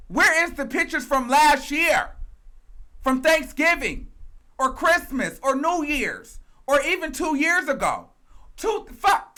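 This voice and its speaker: A man's voice: extremely high pitch, pushed and bright. A man hosting a gossip commentary show, ranting in a sassy, profane, emphatic way and repeating phrases for emphasis.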